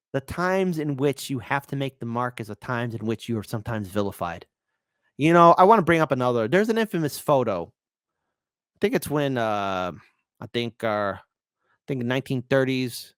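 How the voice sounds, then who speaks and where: A man's voice: mid-range voice, lively intonation, normal speed, long pauses, clear, resonant tone, dry recording, studio quality. Sarcastic man hosting political commentary. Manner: sarcastic, swings between loud and quiet.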